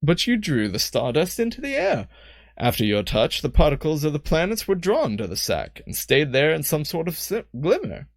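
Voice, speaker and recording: A man's voice: fairly high pitch, huge pitch swings, no room sound, studio quality, pitched above the performer's own voice, exaggerated voice. A composed, knowing female mage speaks as a man reads her lines aloud. Her voice sits well above a man's normal range and wanders up and down. The British accent comes and goes. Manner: attempted British accent, halting.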